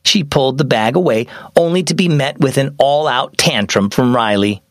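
A young adult man hosting a children's devotional show, reading a scripted story with animated storytelling. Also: mid-range voice, normal speed, dry recording, clean studio sound.

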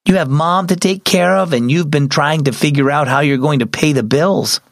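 A man's voice: a little high, normal speed, no echo, studio quality, close to an everyday voice. A man voicing an impatient young boy who pleads earnestly in a children's audio story.

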